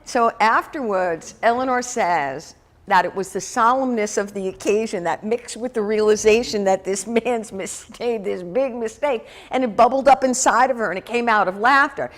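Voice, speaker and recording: A woman's voice: fairly high pitch, normal speed. A woman minister telling a story in a conversational sermon, with lots of "you know". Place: church sanctuary.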